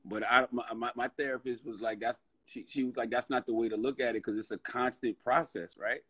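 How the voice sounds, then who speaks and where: A man talks casually in a candid conversation. His voice is husky and sits at a middle pitch. The recording is dry, with no room sound. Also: steady tone, fairly quick, fairly bright tone, dry recording. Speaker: radio host.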